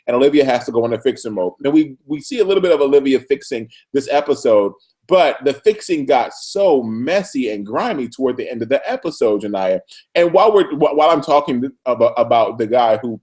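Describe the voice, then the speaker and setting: A man co-hosting a casual TV recap chat, animated and acting out characters. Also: a little fast. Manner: animated, acts out characters with big pitch jumps. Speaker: podcast co-host.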